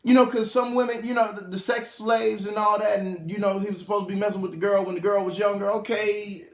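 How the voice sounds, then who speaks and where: A man's voice: high-pitched, fairly quick, roomy sound. A man in a casual commentary vlog, talking straight to his viewers in a slangy way, often repeating himself, from a hot room at home. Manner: animated, talks to his viewers and chat directly. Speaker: vlogger.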